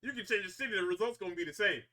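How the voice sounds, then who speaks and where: A high-pitched man speeds through a wrestling recap on his podcast at a very fast clip. It's casual and profane, and he keeps laughing, getting hyped, and mimicking what the wrestlers said.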